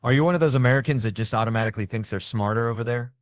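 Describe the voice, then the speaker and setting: A man hosting a casual interview and asking quick, curious questions. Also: medium pitch, no echo, clean studio sound. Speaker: interview host.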